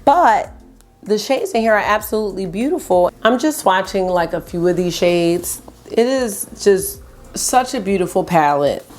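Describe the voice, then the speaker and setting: A woman's voice: mid-range voice, animated, moderate pace, darkish tone, faint music behind. A young adult woman chatting enthusiastically at home as she reviews makeup for her vlog. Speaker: beauty vlogger. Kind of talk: casual makeup review chat.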